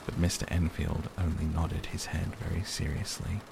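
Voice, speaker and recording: A man narrating a classic novel as a calm, measured bedtime audiobook. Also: deep voice, creaky, noisy background. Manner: measured, soothing. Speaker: audiobook reader. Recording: steady rain sounds behind.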